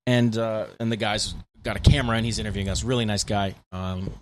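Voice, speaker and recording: A man's voice: on the low side, steady tone, fast, slight background noise. A man co-hosting a podcast, telling tour stories in a laid-back, casual way with lots of fillers. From United States. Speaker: podcast co-host, band guitarist. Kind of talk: casual chat.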